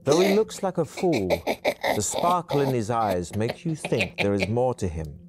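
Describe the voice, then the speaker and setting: A man narrating an interactive video adventure game in a measured storytelling manner. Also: mid-range voice, animated, slight background noise.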